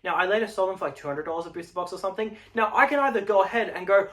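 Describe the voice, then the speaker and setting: A man's voice: sits high, animated, fast, few pauses, a bit bright. A young man hosting his own channel, talking bluntly and emphatically in a casual way, with the odd swear. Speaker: channel host. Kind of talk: casual straight-to-camera market talk.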